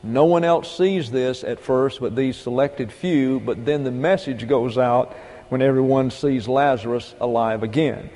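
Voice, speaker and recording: A man preaching with a mellow, dark-toned voice, his folksy sermon full of rhetorical questions and punchy emphasis. The sound carries a long reverb, as if caught in a large hall. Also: mid-range voice, measured pace. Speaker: pastor.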